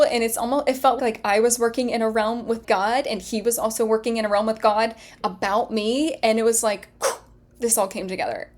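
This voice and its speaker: Earnest woman coach telling a story. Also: mid-range voice. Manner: earnest, heartfelt, many "like" fillers. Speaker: podcast host and health coach. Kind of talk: personal storytelling monologue.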